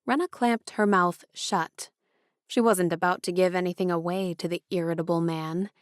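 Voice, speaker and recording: A woman narrating an audiobook in a measured storytelling style. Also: on the low side, steady tone, no room sound, studio quality.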